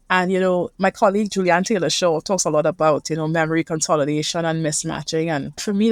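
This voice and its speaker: A woman with a Caribbean accent talks as a guest therapist, earnest and reflective. Her voice sits a little low and sounds dry and close, with no room around it. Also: fast, hardly any pauses, no echo. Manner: earnest, reflective, speaks from feeling. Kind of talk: conversational interview.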